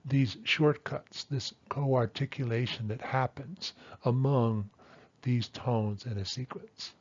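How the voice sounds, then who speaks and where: A man's voice: medium pitch, fairly even intonation, slow, highs cut off. A man teaching a language lesson, patiently explaining and sounding out example words one by one. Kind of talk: explaining pronunciation at a whiteboard.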